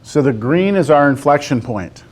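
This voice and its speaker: A man teaching a calculus lesson to a class. He talks through a graph step by step and keeps pausing to ask the students whether they see it. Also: a little high, expressive. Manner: talks to the class, asks lots of check-in questions. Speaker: math teacher.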